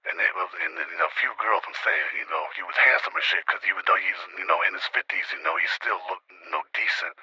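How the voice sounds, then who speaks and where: A man's voice: sits low, fast talker, few pauses, sharp tone, breathy edge, no echo. A man telling a long story by phone in a casual, rambling way, often saying "you know what I mean". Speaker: storyteller calling in. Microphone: phone call. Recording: dull lo-fi phone line.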